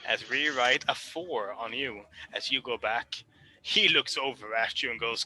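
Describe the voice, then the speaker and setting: A man narrating as game master of a tabletop game, lively and animated. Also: medium pitch, unhurried, low-quality recording.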